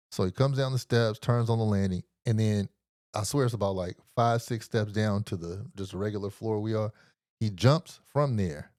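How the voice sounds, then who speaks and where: A middle-aged man hosting a podcast, telling a story in a casual, slangy and profane way, animated as he retells it. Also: on the low side, no echo, clean studio sound. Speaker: podcast host.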